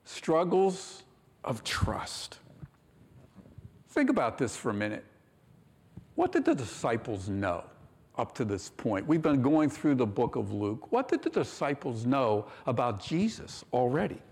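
A man delivers a sermon from the pulpit at a middle pitch, leaning into key phrases and voicing the quoted dialogue with lift. The sound carries a long reverb, as in a large church sanctuary. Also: sing-song, measured pace, a little mellow, husky. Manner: preaching with rising emphasis and quoted dialogue. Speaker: pastor.

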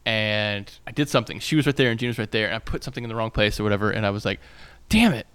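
Man, thirties, podcast co-host, casual rambling chat, smooth clear voice, fillers and restarts. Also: fairly low pitch, very fast, a bit bright. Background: landscaping noise outside.

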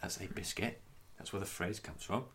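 A low-voiced man co-hosts an improvised comedy podcast, chatting along and playing the hero of the scenario. He talks with mock seriousness and slips into laughter easily. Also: normal speed, a bit bright, a little hiss or hum.

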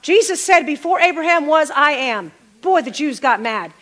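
A woman's voice: sits high, animated, normal speed, fairly bright tone. A middle-aged woman preaching a sermon, calling out to the congregation and repeating phrases for emphasis.

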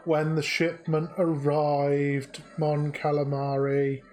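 A man's voice: on the high side, monotone, slow, a little mellow. A man voicing a weary, sarcastic male translator droid in a tabletop game, sighing and exasperated. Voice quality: put-upon, exasperated sighing.

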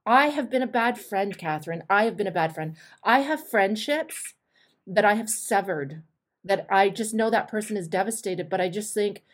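A woman's voice: medium pitch, expressive, normal speed. A woman host coaching a caller, telling candid stories with emphatic, direct delivery. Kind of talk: coaching advice on a call.

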